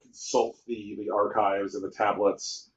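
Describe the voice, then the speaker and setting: A man's voice: on the low side, level tone, a little slow, dull audio, slight background noise. A man co-hosting a podcast, chatting casually and swearing as he spins jokey, mock-romantic stories. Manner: joking, swears, tells mock-romantic bits. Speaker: podcast co-host. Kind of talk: casual chat.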